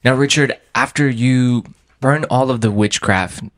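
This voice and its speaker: A male interviewer asking measured follow-up questions about a guest's testimony. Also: medium pitch.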